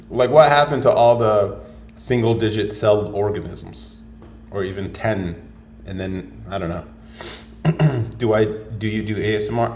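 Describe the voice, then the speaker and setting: Deep-voiced man musing in a roomy space. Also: a little mellow, a little hiss or hum. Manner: rambling, musing, thinks aloud with many fillers. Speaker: livestream host answering viewer comments. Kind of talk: casual livestream chat. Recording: roomy echo.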